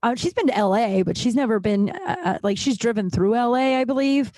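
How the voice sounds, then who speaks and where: A woman hosting a podcast in casual personal chat, talking in an animated, rambling way, swearing freely and getting emotional at times, at home. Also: on the high side, a little fast, no room sound. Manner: emotional, close to tears at times. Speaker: podcast host.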